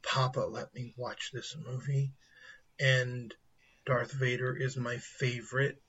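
A man quoting his excited four-year-old daughter in a slightly lowered, eager voice. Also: slow, dull audio, slight background noise. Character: excited little girl, four years old.

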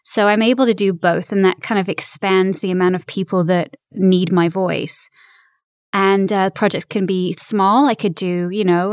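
A woman's voice: medium pitch, moderate pace, no room sound. English-born woman, american accent w british bits, chatty and laughing, dry close mic. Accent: American with British traces. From England. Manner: lively, chatty, laughs easily. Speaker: voice actor guest. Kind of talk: casual interview chat.

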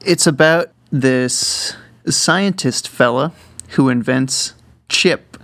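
A young man from Minnesota, co-hosting a podcast in casual chat and pitching ideas in a laid-back way. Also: slow pace, a bit bright. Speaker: podcast co-host.

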